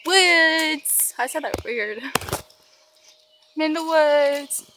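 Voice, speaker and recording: A woman's voice: high voice, slow, background noise. A teenage girl vlogging as she walks through the woods outdoors, filming on a handheld camera and talking in a dramatic, panicky, self-mocking way. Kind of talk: casual vlog narration while hiking.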